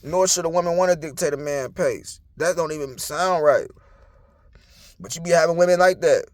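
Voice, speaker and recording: Blunt, profane man with a high voice. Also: moderate pace, no room sound. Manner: blunt, profane, preachy street talk. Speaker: commentator. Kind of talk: casual monologue.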